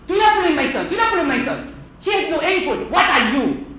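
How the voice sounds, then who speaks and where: A protective mother, put on by a Korean-accented woman, defends her child in a shrill, indignant voice. Her pitch climbs high and her tone stays defensive. The sound echoes around a large hall. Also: big pitch swings, brisk, fairly bright tone.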